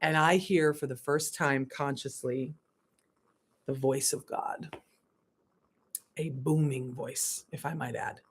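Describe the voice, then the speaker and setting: A woman spiritual coach giving a candid livestream monologue, laughing and swearing, swinging between hushed asides and emphatic bursts. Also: a bass voice, steady tone, slow, pauses often, breathy edge.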